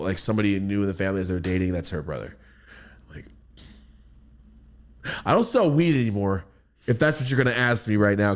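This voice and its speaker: A man casually telling a profane story, jumping into quoted voices. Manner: animated, profane, jumps into high-pitched quoted voices.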